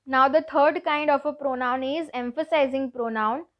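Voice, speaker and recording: A woman teacher giving a grammar lesson to schoolchildren, explaining each rule slowly and patiently, with lots of repetition. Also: high-pitched, dull audio. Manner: slow, deliberate, repeats each rule patiently.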